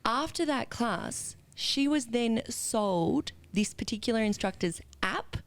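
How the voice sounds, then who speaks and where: A woman, hosting a podcast and telling a lively, animated story full of casual swearing and fillers. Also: fairly high pitch, slow. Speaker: podcast host and Pilates instructor.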